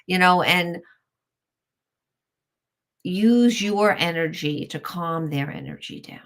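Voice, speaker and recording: A woman's voice: lowish voice, slow pace. A woman, a parenting author, giving advice as a guest in an interview and acting out what a parent would say. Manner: animated, acts out what a parent says.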